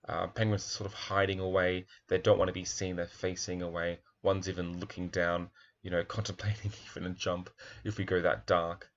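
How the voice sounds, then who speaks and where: A man's voice: deep voice, little pitch movement, fairly quick, muffled recording, a little hiss or hum. A man, a primary school teacher, talks thoughtfully through a picture book, admiring its pages and asking questions aloud.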